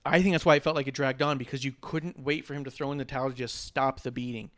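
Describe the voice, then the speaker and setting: A man's voice: medium pitch, fast. A man co-hosting a casual wrestling podcast, retelling matches with energy and acting out the wrestlers' lines. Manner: animated storyteller, acts out wrestlers' lines. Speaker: podcast co-host. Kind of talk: casual wrestling recap chat.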